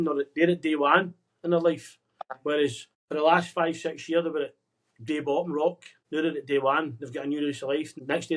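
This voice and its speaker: The sound is a video call, a remote conversation across the globe, with a podcast guest speaking quickly in a fairly high, slightly raised voice. Earnest and encouraging, he repeatedly addresses the listener as "mate," giving a friendly, motivational pep talk like old pals chatting.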